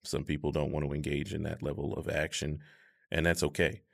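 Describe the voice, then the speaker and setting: Deep, gravelly man in his thirties. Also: flat delivery. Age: 30s. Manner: measured and reflective, with many fillers. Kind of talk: casual conversation.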